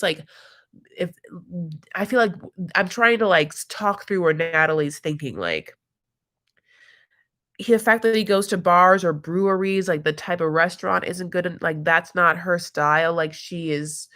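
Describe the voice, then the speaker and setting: A woman's voice: lowish voice, fairly bright tone. A woman hosting a reality TV recap live stream in casual commentary, chatty and giggly, leaning on fillers and calling people honey and my love.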